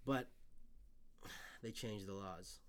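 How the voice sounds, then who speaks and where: A man's voice: lowish voice, drawn-out words. Guy on a podcast reading headlines then going off on them, swears a lot, pretty loose and chatty. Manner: loose and profane, reads headlines then riffs. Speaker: podcast co-host. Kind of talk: casual podcast chat, reading news aloud.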